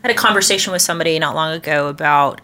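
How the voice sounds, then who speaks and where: Bright-toned woman in earnest Bible talk. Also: deep voice, racing. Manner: earnest, reflective, with frequent restarts. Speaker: podcast co-host discussing scripture. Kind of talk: casual Bible study discussion.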